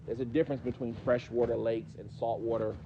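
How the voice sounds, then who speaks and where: A man's voice: medium pitch, little pitch movement, a little fast, highs cut off, noisy background. A man with a New York accent teaching a mosque class, questioning his students in a conversational way. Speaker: teacher explaining hadith.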